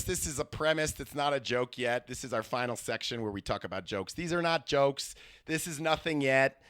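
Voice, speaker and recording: Studio-clean and free of room sound, this podcast clip has a comedian delivering a meandering, self-deprecating monologue, stumbling through fillers and restarts. He speaks at a moderate pace in a medium-pitched, slightly bright voice.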